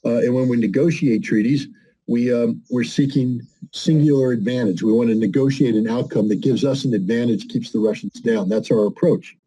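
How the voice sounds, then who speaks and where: A man's voice: medium pitch, moderate pace, warm tone, breathy edge, rough recording. An older man giving emphatic, argumentative commentary as a guest in a conversation. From United States. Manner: emphatic, argumentative, acts out quoted voices.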